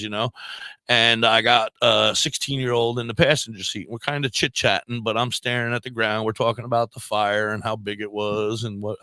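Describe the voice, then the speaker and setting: A man guest on a podcast telling a story in a casual, animated way, acting out the voices of the people in it. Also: medium pitch, no echo. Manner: animated storyteller who acts out quoted voices. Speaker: volunteer fire police.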